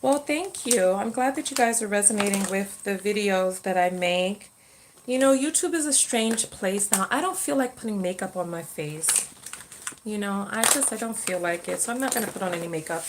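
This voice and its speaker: A woman's voice: mid-range voice, lively intonation, normal speed, noisy background. A woman who coaches on self-love and relationships, hosting a casual livestream Q&A. She reads viewer comments and answers on the fly, often trailing off and restarting mid-sentence.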